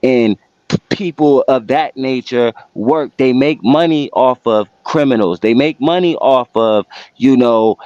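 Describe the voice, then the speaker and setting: A man's voice: mid-range voice, measured pace, darkish tone, dry recording. A man on a podcast firing off rhetorical questions about whom to trust, his tone distrustful. The sound is dry and dull, as if from a cheap mic. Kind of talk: casual chat, ranting.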